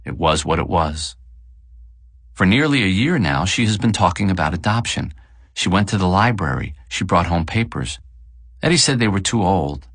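Male audiobook narrator, very deep voice, lively intonation, dry close sound. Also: breathy edge, no room sound. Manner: measured, expressive reading. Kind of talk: scripted narration.

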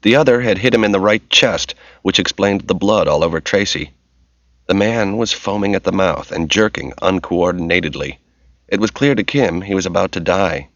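Deep-voiced man reading a thriller. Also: normal speed, fairly bright tone, dry recording. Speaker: audiobook narrator. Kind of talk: scripted narration. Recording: dull lo-fi audiobook recording.

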